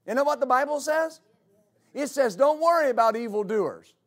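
A man's voice: very high-pitched, lively intonation, normal speed. A male pastor preaching a sermon in church, repeating key phrases and building to emphatic peaks.

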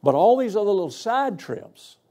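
A man's voice: high voice, very animated, normal speed, mellow. An older man, a guest pastor preaching a sermon in a folksy, humorous, storytelling way. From Arkansas. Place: church.

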